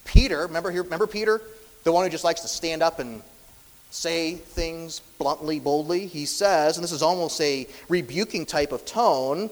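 A man preaching a sermon, his voice sitting a little high for a man. He moves between forceful, raised emphasis and soft, hushed lines. The sound trails off in a long reverb, as in a large hall. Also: moderate pace. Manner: dramatic shifts between loud emphasis and hushed delivery. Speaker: pastor.

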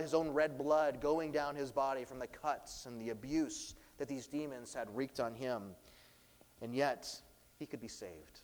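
A pastor delivering a sermon, preaching with swelling, dramatic emphasis. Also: male voice, medium pitch, darkish tone, big-room sound.

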